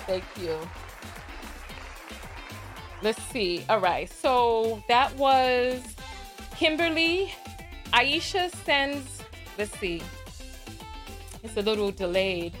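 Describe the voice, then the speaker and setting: A woman's voice: fairly high pitch, expressive, slow pace, pauses often, a bit bright, faint music behind. A woman with a New York accent hosting a livestream talk show, chatty and sassy, reading out viewer donations and laughing often.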